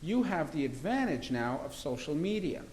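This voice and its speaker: A man with a slightly high voice and a faint hiss behind him makes his case in an interview. He is a criminal defence lawyer, and he talks in an assertive, argumentative, emphatic way. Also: big pitch swings, normal speed, a little mellow, low-quality recording. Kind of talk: interview conversation.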